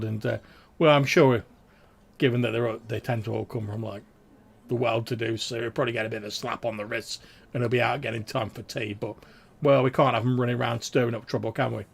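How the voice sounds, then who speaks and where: A man voicing a gruff town guard who talks loudly and bossily but chummily to strangers. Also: mid-range voice. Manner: bossy, loud, chummy with strangers. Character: gruff male town guard in red tabard.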